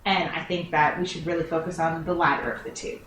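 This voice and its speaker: A woman with a bright, forceful voice chats as an interview guest and stresses her points hard. The recording is echoey with a faint hiss. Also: sits low, fast talker. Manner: animated, laughs often, emphatic. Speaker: rock singer, interview guest. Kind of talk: casual interview chat. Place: music venue. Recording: echoey room with faint noise.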